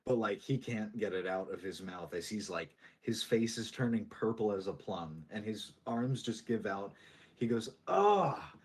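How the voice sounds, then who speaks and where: A man's voice: on the low side, moderate pace, a little mellow, husky. A young man narrating a tabletop game as game master, casual and full of fillers.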